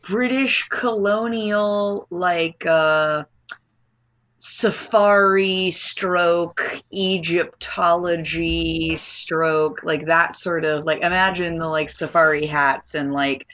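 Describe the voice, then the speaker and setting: Woman co-host, slow and unhurried, lowish voice, playful chat full of "like". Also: fairly bright tone. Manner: playful, drawn-out, lots of "like". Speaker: podcast co-host. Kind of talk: casual gaming podcast chat.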